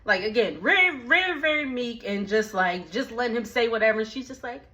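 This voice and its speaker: A woman recapping a movie in a casual, slangy, animated way, with lots of asides. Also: on the high side, brisk, lo-fi sound.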